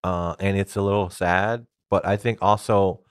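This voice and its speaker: A man co-hosting a podcast, chatting casually and retelling scenes with lively laughter. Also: sits low, normal speed, smooth, dry recording, clean studio sound. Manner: animated retelling, laughs often. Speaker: podcast co-host. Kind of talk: casual chat.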